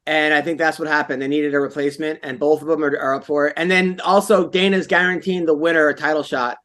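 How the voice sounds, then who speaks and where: A man co-hosting a fight podcast, chatting casually and rambling, getting loud when doing bits. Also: a little high, steady tone, quick pace. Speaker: podcast host. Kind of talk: casual chat.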